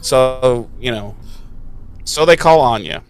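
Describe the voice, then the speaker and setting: A man's voice: mid-range voice, slow pace. A man co-hosting a podcast, recapping a TV episode in casual chat with rambling, profane asides. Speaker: podcast co-host.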